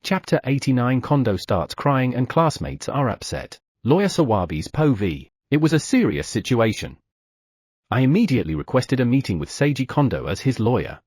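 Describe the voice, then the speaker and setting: A man narrating an audiobook in the first person with expressive delivery. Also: medium pitch, normal speed, breathy edge, no echo, studio quality.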